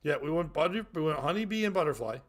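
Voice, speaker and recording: A man co-hosting a comedy podcast, reading crude jokes aloud and breaking into loud laughter. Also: on the high side, expressive, fast. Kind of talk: casual comedy podcast chat.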